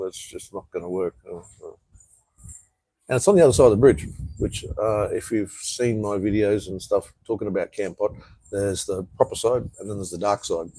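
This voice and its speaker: Laid-back Australian man, dark husky voice. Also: lowish voice, no echo, rough recording. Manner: rambling, laid-back, reads out viewer comments. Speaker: vlogger. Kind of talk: casual live-stream chat. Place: outdoor patio.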